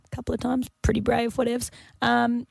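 A woman's voice: fairly high pitch, little pitch movement, brisk, vocal fry, darkish tone, breathy edge, dry recording. A woman co-hosting a radio show, chatting casually and telling a story with playful laughs. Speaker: radio host. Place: radio studio.

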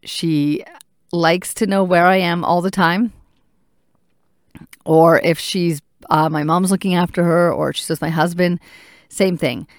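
Reflective mother talking candidly, low voice. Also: steady tone, dry recording, studio quality. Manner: candid, reflective, thinking aloud with pauses. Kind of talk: personal talk to camera.

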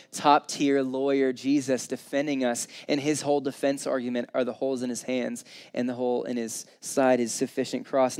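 A man's voice: mid-range voice, a little mellow. A man in his thirties preaching an informal, earnest sermon, counting through his points and acting out quotes in a conversational way. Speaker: pastor.

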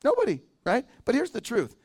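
High-voiced pastor preaching conversationally. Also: male voice, huge pitch swings, a little fast, darkish tone, breathy edge. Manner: conversational, asks the congregation questions. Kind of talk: sermon.

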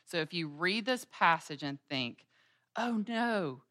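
A woman's voice: low voice, lively intonation, moderate pace, pushed and bright, dry recording, studio quality. A woman in her thirties teaching a women's Bible study, telling everyday stories in an earnest way. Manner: earnest storytelling, acting out everyday scenes with quoted voices.

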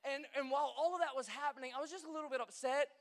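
A man's voice: very high voice, steady tone, rapid-fire. A young man who is a pastor, giving a conversational sermon as a chatty, joking storyteller with lots of fillers, in a large church hall. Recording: long hall reverb.

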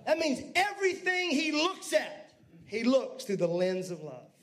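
Man, pastor, very high voice, lively sermon, talks to the congregation. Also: unhurried. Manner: lively preaching with asides to the congregation.

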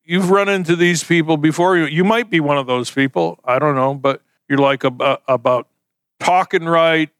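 A man's voice: a little high, steady tone, a little fast, few pauses, fairly bright tone, no echo. A man preaching a sermon in a conversational, folksy way, using homespun illustrations. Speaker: pastor.

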